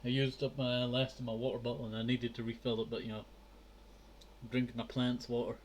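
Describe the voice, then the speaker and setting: A man's voice: mid-range voice, level tone, a little fast, a little hiss or hum. A man chatting casually while playing a game, his throat dry and strained, often stumbling over words and trying them again. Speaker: game streamer. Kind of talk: casual let's-play commentary.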